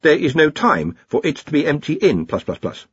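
A man voicing a patient thinking machine in quiet, flat, mechanical tones, in a slightly dull recording. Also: a little high, normal speed, slightly rough, no echo, pitched above the performer's own voice.

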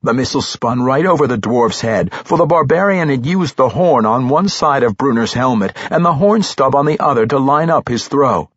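A man narrating a fantasy novel with expressive storytelling, slowing for suspense. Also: mid-range voice, breathy edge, no echo, highs cut off. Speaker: audiobook narrator.

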